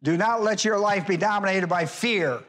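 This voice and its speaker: A man preaching a sermon in church in a folksy way, hollering at times and then dropping low, and acting out quoted voices. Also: normal speed, fairly bright tone. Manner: acts out quoted voices in a high pitch. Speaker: pastor.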